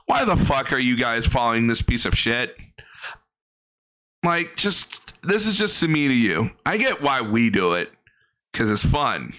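A man's voice: mid-range voice, big pitch swings, unhurried, pushed and bright. A man giving blunt, profane commentary on a livestream, ranting in exasperation.

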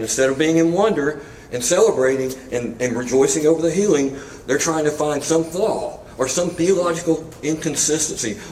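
A man's voice: a little high, a little mellow, slight background noise. A man preaching a sermon in a conversational way, with casual asides and humor, in a church sanctuary. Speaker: pastor. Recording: echoey room, mic at a distance.

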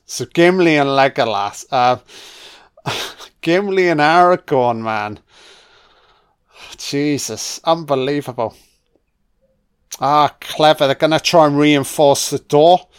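A man giving a casual film commentary, reacting excitedly to the action and swearing freely. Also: a little high, clear, resonant tone.

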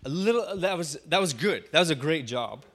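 A man preaching a storytelling sermon, pitched high and full of swooping ups and downs. He acts out the scenes and coaches the congregation to shout back lines. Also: moderate pace. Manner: animated, acts out the scenes in small voices. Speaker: pastor.

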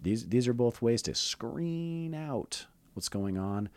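A man hosting a podcast, rambling in an animated, conspiratorial way in casual chat. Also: medium pitch, slow, dry recording. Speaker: podcast host.

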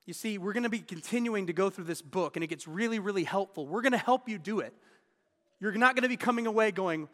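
A man's voice: high-pitched, quick pace, fairly bright tone, in a large hall. A man in his thirties giving a sermon as pastor, telling personal stories in an earnest, candid way. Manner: earnest, candid storytelling with restarts.

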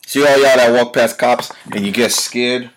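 A man's voice: medium pitch, steady tone, normal speed. A man with a mid-range voice rants alone into his podcast mic. He is blunt and confrontational, swears freely and fires rhetorical questions at the people listening. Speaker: podcast host. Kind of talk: solo opinion rant.

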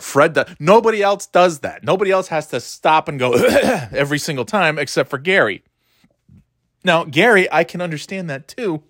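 A man's voice: medium pitch, a bit bright, no echo, clean studio sound. A middle-aged man ranting casually, swearing often, sarcastic and grumbling, often stumbling and restarting his words. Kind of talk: rambling casual rant.

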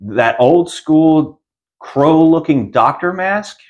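Lively man retelling a movie plot. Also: fairly high pitch, slow, highs cut off. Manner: animated retelling, jumps into quoted voices. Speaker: podcast co-host. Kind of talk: casual movie review chat.

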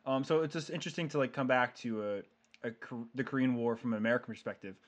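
Male podcast host, mid-pitched, talks films in a chatty, analytical way with plenty of fillers. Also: fast. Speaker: podcast host who picked the film. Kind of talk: casual film discussion.

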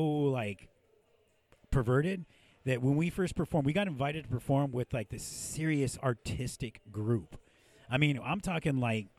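Brief: male podcast host, gravelly, dry close mic, profane storyteller. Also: mid-range voice, no room sound. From Mexican-American from San Diego. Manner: profane, storytelling, laughs often. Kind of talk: casual podcast chat. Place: podcast studio.

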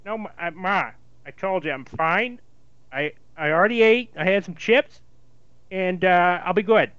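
A man's voice: measured pace, a bit bright, smooth, no echo. A man voicing a lazy, sulky grown son who talks back to his mother. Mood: defensive. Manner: low, sulky, talking back. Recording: dull dry lo-fi sound.

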